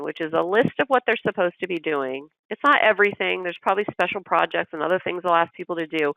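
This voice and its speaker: Trainer for a business webinar, crisp and forceful with a gravelly edge, dry close sound, walks through examples. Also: mid-range voice, no echo, low-quality recording. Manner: acts out manager dialogue in quotes.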